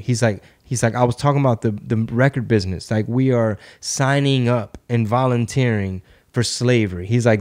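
Podcast host, male, mid-pitched, loose storyteller who leans on quotes. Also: brisk, darkish tone. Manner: retells stories with many "he's like" quotes. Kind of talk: casual chat.

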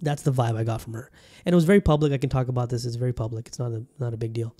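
Racing along with fairly even intonation, a dark-toned, medium-pitched man chats on his own podcast from Bangkok. His talk is rambling and casual, full of restarted sentences aimed right at his listeners.

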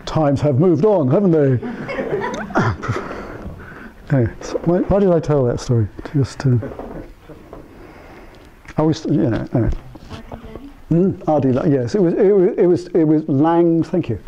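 An older man speaks to a small audience in a relaxed, conversational talk, his voice pitched slightly high and warm in tone. He wanders through anecdotes, pausing to think aloud and acting out the people in his stories. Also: muffled recording, a little hiss or hum. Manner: musing, thinks aloud with pauses and restarts. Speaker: speaker addressing psychotherapists. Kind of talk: informal talk to a small group. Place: meeting room with a small live audience.

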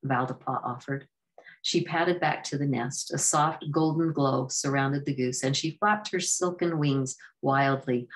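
A woman narrating a storybook in a steady reading voice, now and then correcting herself. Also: low voice.

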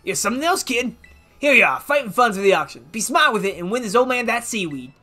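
A gamer voicing an excitable old man gym leader with a put-on Southern drawl, reading game dialogue aloud in a boisterous, exclamatory way. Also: medium pitch, quick pace, faint music behind. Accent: American Southern (put on).

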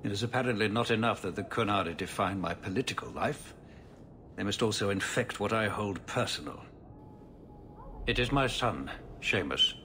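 Weary, formal city ruler. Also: male voice, lowish voice, lively intonation, sharp tone, slight background noise. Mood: troubled. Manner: formal, measured, troubled. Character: weary middle-aged male city ruler, formal and troubled.

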